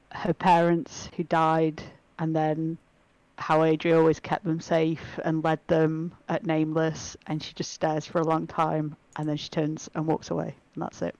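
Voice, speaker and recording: A woman playing in a tabletop game, describing her character in a quiet, reflective way. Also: low-pitched, no room sound. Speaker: player. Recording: dry, dull lo-fi mic.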